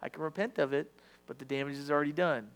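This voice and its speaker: A man's voice: a little high, fairly even intonation, fast. A man preaching a sermon in a conversational, confessional way, acting out quoted voices. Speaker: pastor.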